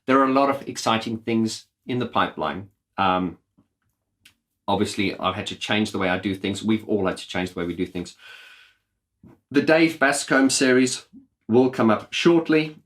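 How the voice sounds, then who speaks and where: A man's voice: lowish voice, moderate pace, a bit bright. A man hosting his own video channel, talking straight to camera in an earnest, impassioned rant and swearing bluntly. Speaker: YouTube channel host. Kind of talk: direct-to-camera vlog talk.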